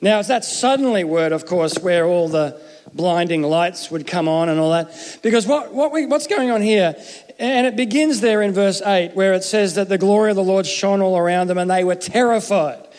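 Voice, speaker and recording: A man's voice: high voice, normal speed, a little mellow, big-room sound. A man giving a Christmas sermon as pastor, chatty and joking, often restarting his sentences. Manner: conversational, jokey, self-interrupting.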